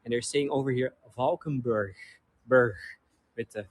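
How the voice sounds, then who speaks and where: A man's voice: mid-range voice, a little mellow, slightly rough, dry recording. A Dutch man with a Dutch accent guiding a live-streamed walking tour outdoors, talking in a chatty, friendly way with many restarts. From Netherlands. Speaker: tour guide. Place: street outdoors in a cold town.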